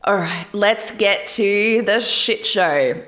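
A woman's voice: mid-range voice, takes it slowly, fairly bright tone. A young woman vlogging casually about a dating show, candid and chatty, often laughing and swearing lightly. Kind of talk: casual chat.

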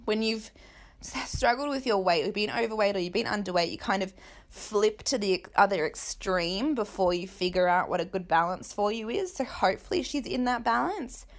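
Candid woman chatting a tv recap, swears a lot, bright voice. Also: medium pitch. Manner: candid, chatty, blunt and profane. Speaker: host. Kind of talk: casual TV recap chat.

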